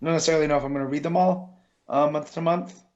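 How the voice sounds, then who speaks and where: Slightly high man on a dull mic. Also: steady tone, racing, darkish tone. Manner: eager, enthusiastic fan talk with fillers. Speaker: podcast co-host. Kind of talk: casual chat.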